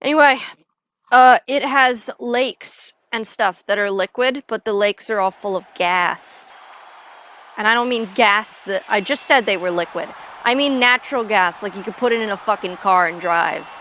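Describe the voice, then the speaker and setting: Young woman streaming a game, rambly, swears a lot, crisp bright voice. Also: medium pitch, normal speed, a little hiss or hum. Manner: rambling, jokey, swears freely. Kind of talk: casual gaming livestream chat.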